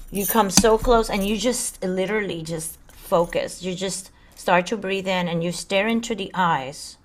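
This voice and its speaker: A woman co-hosting a casual spiritual podcast. She speaks earnestly and dramatically in a mid-range voice and sometimes slips into acted-out voices. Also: mid-range voice. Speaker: podcast co-host.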